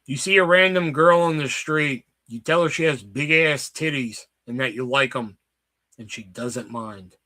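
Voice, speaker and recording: Bright-voiced man swearing through casual chat. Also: medium pitch, a little slow, no echo, clean studio sound. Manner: crude, joking, swears a lot. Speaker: livestream host. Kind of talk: casual livestream chat with viewers.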